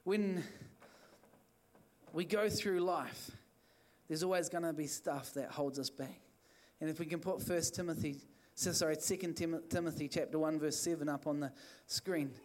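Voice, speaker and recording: A man's voice: on the high side, steady tone, normal speed, darkish tone. A man preaching an evening church sermon, urging the listeners on in fervent, repetitive phrases. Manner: fervent, repetitive exhortation with restarts. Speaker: pastor.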